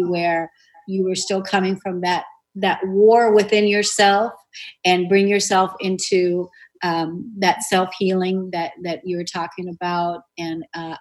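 Woman host, low-ish voice, earnest and flowing, spiritual talk show. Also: rough recording. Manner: earnest, flowing, many fillers and restarts. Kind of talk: spiritual conversation.

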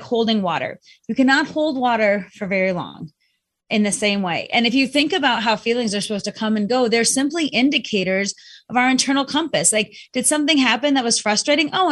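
A woman talking reflectively about feelings in a relaxed conversation, speaking in an animated way. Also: fairly high pitch. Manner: reflective, animated with quoted voices. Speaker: guest speaking on emotions. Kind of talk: conversational explanation.

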